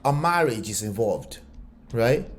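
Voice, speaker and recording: A man commenting on a relationship video, animated and full of rhetorical questions. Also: medium pitch, unhurried. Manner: animated, rhetorical questions, slips into acted voices. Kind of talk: reaction commentary.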